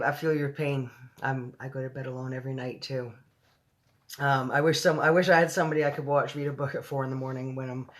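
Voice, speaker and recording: A woman hosts a late-night livestream where she reads a book aloud. She chats loosely between passages, swearing casually and slipping in giggly asides. The mood is relaxed and unscripted. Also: rumbling low. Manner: chatty, profane, giggly asides. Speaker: storybook reader and livestream host.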